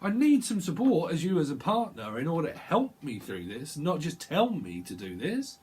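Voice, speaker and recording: Husky, animated man reading tarot. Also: fairly high pitch, normal speed. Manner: rambling, jokey, acts out dialogue. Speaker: tarot reader. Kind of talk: casual chat, tarot reading.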